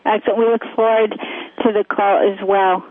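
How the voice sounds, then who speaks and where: A woman co-hosting a call-in advice show, talking gently and searching for her words as she goes. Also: mid-range voice, flat delivery, moderate pace, no room sound. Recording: phone-line audio.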